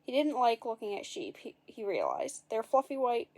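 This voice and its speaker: A woman with a fairly high voice reads a storybook aloud in a relaxed way. She drops in wry, dry asides and cheerfully corrects her own slips as she goes. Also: normal speed. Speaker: narrator. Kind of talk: casual storybook read-aloud.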